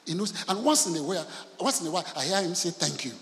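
High-voiced preacher in a reverberant hall. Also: male voice, expressive, fast talker. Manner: storytelling, acts out quoted voices, swings from soft to shouting. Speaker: pastor. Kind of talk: sermon.

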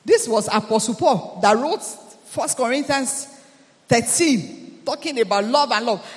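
A male pastor with a high voice delivers an emphatic sermon, piling phrases into rhythmic, repeated lists. His voice rings through a church hall with a long reverberant tail. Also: lively intonation, measured pace. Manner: emphatic preaching with repetitive, building cadence.

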